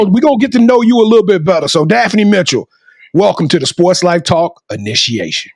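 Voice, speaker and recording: Very high-pitched, gravelly hype-man host. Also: animated, brisk, dry recording. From Louisiana, USA. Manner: loud, showy hype-man delivery with sing-song shouts. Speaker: podcast host. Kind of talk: hype sports podcast hosting.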